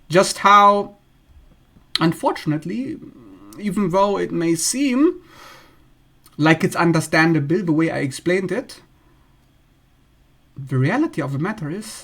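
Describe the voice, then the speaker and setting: A man's voice: on the high side, fairly bright tone. A man hosting an astrology channel, talking bluntly in a casual monologue and acting out the people he describes in a raised voice.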